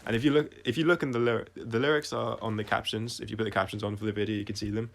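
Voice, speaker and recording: Lowish-voiced guy chatting about his songs on a stream, soft, keeps restarting and trailing off. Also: fairly even intonation, gravelly. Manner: reflective, halting, with frequent restarts. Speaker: singer-songwriter explaining his songs. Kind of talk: casual livestream commentary.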